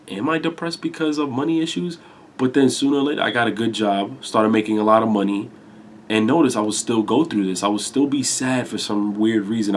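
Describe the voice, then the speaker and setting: Congested young man, low energy. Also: a little hiss or hum. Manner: rambling, confessional, swears casually. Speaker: YouTuber talking to camera. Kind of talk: candid personal talk.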